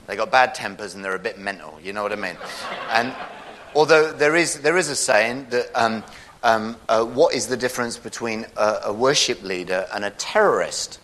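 A man's voice: fairly low pitch, normal speed, a bit bright, slight background noise. A man, a pastor giving a jokey, rambling sermon in church.

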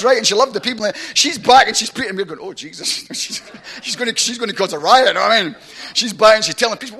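A man with a Glaswegian Scottish accent, preaching a sermon through chatty, animated storytelling that keeps checking in with "right?". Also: fairly high pitch. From Glasgow, Scotland.

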